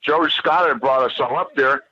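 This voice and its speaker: A man's voice: mid-range voice, moderate pace, bright, forceful tone. A man guest telling a long story in a profane, rambling, emphatic way. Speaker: podcast guest. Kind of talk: animated storytelling. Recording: dull lo-fi dry sound.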